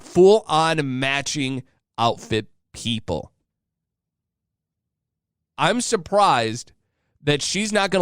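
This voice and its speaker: A man in his thirties spins a casual, joking story to his listeners, now and then slipping into voices. His voice is smooth and sits a little high for a man, recorded dry and close. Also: a bit bright, no echo. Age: 30s. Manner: chatty and joking, acting out voices. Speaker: podcast host.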